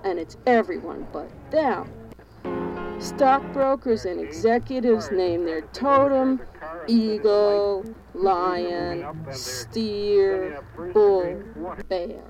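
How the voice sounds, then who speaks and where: A woman's voice: a little high, rough recording. A woman performing spoken-word poetry, declaiming in a rhythmic, chanting cadence through long lists. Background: music.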